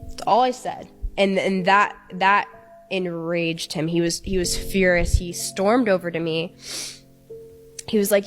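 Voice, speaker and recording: Woman giving a halting, tearful account. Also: on the low side, steady tone, soft background music. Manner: tearful, halting, repeats herself. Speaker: podcast guest. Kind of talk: emotional personal account.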